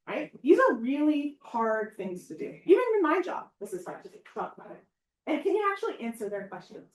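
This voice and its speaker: A woman giving an informal public talk as a professor, chatty and animated, often asking "right?" and acting out quoted voices. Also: on the high side. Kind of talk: informal lecture. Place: outdoor event or hall. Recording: echoey, mic far from speaker.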